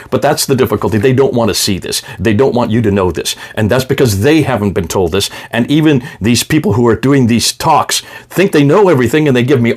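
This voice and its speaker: A man presenting an explanatory talk in an emphatic way, his pitch swinging up and down, with frequent restarts. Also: slightly rough.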